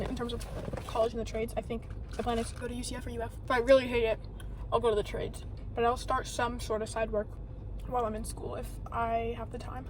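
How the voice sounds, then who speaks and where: A teenage girl talks fast into her camera for a personal video diary. Her words come out in a loose ramble, packed with "like" and second thoughts. She sounds candid and a little unsure of herself. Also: a little high, slight background noise. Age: late teens. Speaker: high school senior vlogger.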